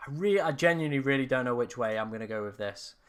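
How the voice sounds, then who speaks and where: A young man, his voice raspy and strained after hours of live streaming. He rambles and corrects himself as he chats to his viewers from home. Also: medium pitch, expressive, quick pace. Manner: rambling, self-correcting, talks to chat. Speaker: fantasy football streamer. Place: room at home.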